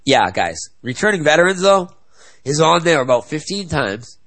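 A man's voice: on the high side, big pitch swings, moderate pace, a bit bright, rough recording. A young man ranting angrily to his viewers in a fired-up video blog. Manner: angry, fired-up political rant. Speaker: video blogger. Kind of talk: ranting to camera.

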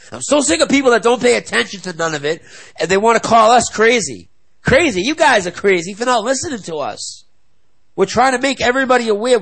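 A man's voice: high voice, gravelly, rough recording. A young man ranting angrily to his viewers in a fired-up video blog. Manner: angry, fired-up political rant. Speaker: video blogger. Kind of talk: ranting to camera.

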